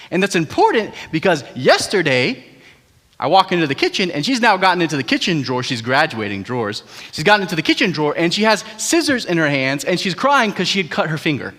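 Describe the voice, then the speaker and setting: Young guy pastor preaching, bright voice, chatty storytelling, big hall echo. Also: fairly high pitch. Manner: conversational, animated storytelling with asides to the congregation. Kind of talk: sermon. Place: large church auditorium. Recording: hall reverb.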